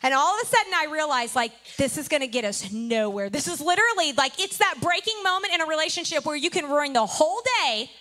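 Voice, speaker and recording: A woman pastor telling a story in a sermon, animated and playful with her congregation. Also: high-pitched, fast talker, hardly any pauses. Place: church service.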